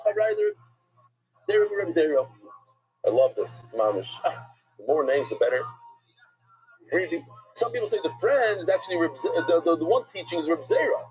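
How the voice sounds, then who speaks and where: A middle-aged rabbi leads a casual Talmud class, chatty and animated, sprinkling Hebrew and Yiddish words into his English. His voice sits high and is slightly rough, and the recording sounds muffled.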